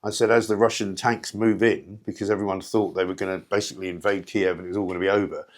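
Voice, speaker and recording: A man's voice: sits low, fairly even intonation, quick pace. A man hosting a talk show, delivering a sardonic, rambling, opinionated monologue straight to listeners. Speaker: radio talk show host.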